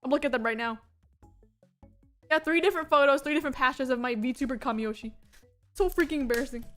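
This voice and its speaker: A young American woman with a high, bright voice tells chatty travel stories on her stream. She giggles often and acts out the people she met. Soft music plays faintly behind her. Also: fast talker. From United States. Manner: giggly, animated storytelling with quoted voices. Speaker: VTuber streamer. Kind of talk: casual chat.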